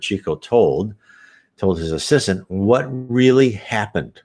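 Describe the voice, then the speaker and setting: A man with a low voice hosts a spiritist program in a loose, rambling way. His pitch swings widely as he talks, and he keeps restarting sentences and filling gaps with "you know.". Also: darkish tone. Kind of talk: casual spoken commentary.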